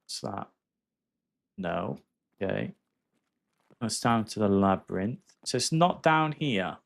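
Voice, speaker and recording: A man's voice: medium pitch, lively intonation, slow, gravelly, pauses often. Chatty man streaming a game. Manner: candid and chatty, swears freely, calls viewers mate. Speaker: gaming livestreamer. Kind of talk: casual live-stream chat while playing.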